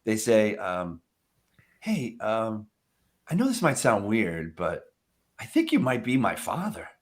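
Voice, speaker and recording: A man with a somewhat low voice tells sales stories in casual podcast chat. He is animated, laughs often and acts out both sides of his phone calls. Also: slow pace. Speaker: sales development rep.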